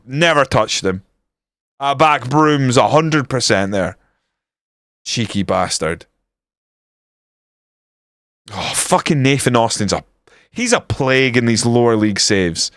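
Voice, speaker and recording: A man's voice: mid-range voice, expressive, measured pace, long pauses, a bit bright, no room sound, studio quality. A Scottish man streaming a football management game, chatting bluntly with lots of swearing and jokes. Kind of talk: casual gameplay commentary.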